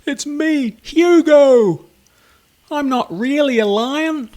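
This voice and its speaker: A man's voice: on the high side, very animated, measured pace, breathy edge, voice pushed up, exaggerated voice. Man voicing Hugo, a proud little caterpillar. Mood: upset. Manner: insistent, proud, then wailing. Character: small male caterpillar who wants to be a lion.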